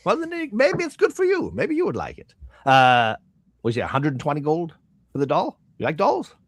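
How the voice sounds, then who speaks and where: A man doing a fussy little shopkeeper of magic trinkets, his voice jumping high and all over the place. He hems and haws, rattling off prices and wares in a dry, close sound. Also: moderate pace, no echo, exaggerated voice. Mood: eager. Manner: high excitable patter with hesitant ums.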